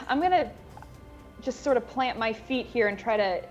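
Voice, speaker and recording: A woman's voice: a little high, lively intonation, unhurried, dull audio, soft background music. A woman playing a tabletop game, describing her character's action hesitantly, rambling with restarts. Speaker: player.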